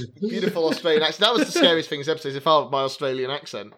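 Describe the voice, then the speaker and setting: A man from England chatting on a podcast as host, joking and laughing often with quick asides. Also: on the high side, expressive, bright, forceful tone. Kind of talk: casual chat.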